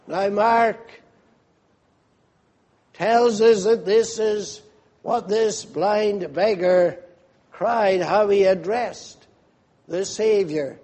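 Male preacher, high voice, slow measured storytelling sermon. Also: warm tone. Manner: vivid storytelling, asks listeners to picture the scene.

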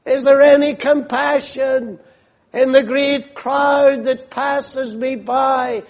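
A preacher acting out a blind beggar man, desperate and pleading. The voice is pitched very high and loud, calling out over a crowd, and each plea is drawn out slowly. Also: exaggerated voice.

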